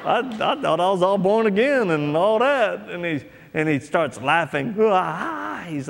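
Gravelly preacher in echoey hall. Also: male voice, fairly high pitch. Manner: storytelling, acts out quoted voices. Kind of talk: sermon with personal story. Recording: echoey hall, long reverb.

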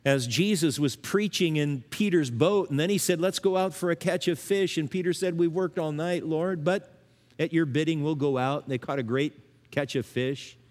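An older man preaching a sermon in a church, earnest, rising to emphatic lines and dropping to hushed, low ones. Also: normal speed, in a large hall. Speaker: pastor.

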